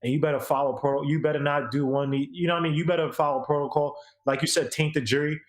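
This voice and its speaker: A man's voice: fairly high pitch, fairly even intonation, fast talker, roomy sound. A man co-hosting a podcast, ranting in an emphatic, repetitive, slangy way during casual opinion chat. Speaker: podcast co-host.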